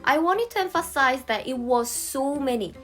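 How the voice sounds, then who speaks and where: A woman's voice: high voice, lively intonation, moderate pace, a bit bright, soft background music. A young Korean woman with a Korean accent, teaching a casual language lesson and playfully acting out short examples.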